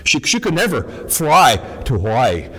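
A man's voice: fairly high pitch, wildly swooping pitch, moderate pace, fairly bright tone, breathy edge, full character voice. A man voicing an anxious husband in a told joke, hesitant and pleading. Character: anxious husband wishing for a happy marriage. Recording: long hall reverb.

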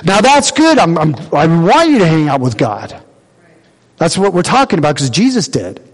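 Animated high-voiced preacher in a reverberant church. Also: male voice, normal speed. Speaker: pastor. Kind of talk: sermon. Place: church sanctuary.

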